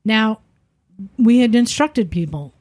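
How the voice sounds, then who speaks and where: A woman's voice: on the high side, slow. Lady podcast cohost, chatty storytelling, does little voices for people. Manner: animated storyteller, acts out quoted voices. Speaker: podcast co-host. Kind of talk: casual storytelling chat.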